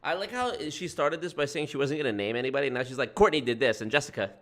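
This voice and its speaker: A man's voice: mid-range voice, fast, fairly bright tone. A man giving sarcastic, profane commentary on a clip. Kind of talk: reaction commentary.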